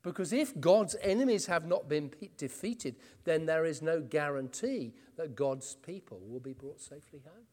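A man's voice: on the high side, lively intonation, moderate pace, hardly any pauses, a little mellow. A man preaching an earnest expository sermon. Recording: long reverb in a church hall.

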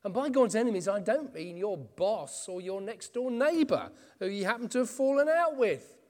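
A man's voice: high voice, lively intonation, normal speed, darkish tone. A man preaching an earnest expository sermon. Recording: long reverb in a church hall.

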